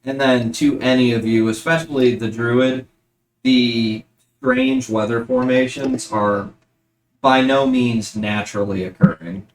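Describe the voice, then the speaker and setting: Man, game master, easygoing narration, lots of ums, mid pitch. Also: measured pace. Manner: relaxed, rambling narration with fillers.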